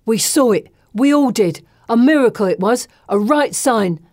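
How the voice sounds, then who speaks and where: A woman's voice: medium pitch, a little slow, darkish tone, natural voice. A woman voicing a devout working-class maid who proclaims a miracle. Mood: fervent.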